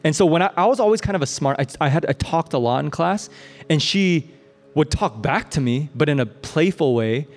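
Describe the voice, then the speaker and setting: A man from the Midwestern United States preaching a sermon in a casual, animated storytelling style, often asking "right?" and using fillers. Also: on the high side, normal speed. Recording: long hall reverb.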